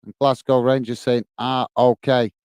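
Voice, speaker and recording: A Northern Irish man hosting a live football watch-along, moving between play-by-play and easy chat with his viewers. His voice is smooth and resonant and sits at a middle pitch. The recording is dry and close, with no room sound. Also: flat delivery, normal speed, a little mellow, no room sound. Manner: friendly and chatty, often says "mate" while reading viewer comments.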